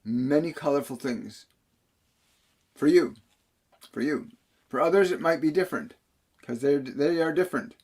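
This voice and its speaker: A man's voice: fairly high pitch, moderate pace, pauses often, a little mellow, slightly rough. A man working as a spiritual medium, reading viewer questions on a live stream and answering them earnestly, often repeating key phrases. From Canada.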